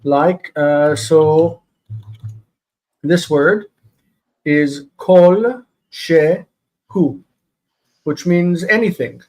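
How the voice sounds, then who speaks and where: A man leading a live online Hebrew grammar class, explaining patiently and reading Hebrew aloud quickly. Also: on the high side, rough recording.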